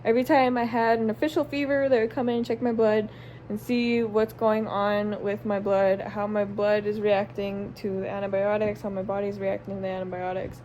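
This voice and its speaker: Blunt, foul-mouthed young mom vlogger. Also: female voice, medium pitch, flat delivery, moderate pace, mellow, slight background noise. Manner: blunt, swears constantly, emotional and candid; run-on sentences with many likes and ums. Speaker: stay-at-home mom and vlogger. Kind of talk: casual storytelling to camera.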